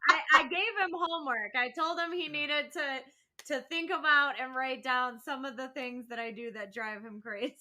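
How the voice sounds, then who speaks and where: A woman with a high voice that rings very bright chats casually as a podcast co-host. She is candid and laughs a lot, and she swears freely as she vents about the everyday habits that bug her. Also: moderate pace. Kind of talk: casual chat.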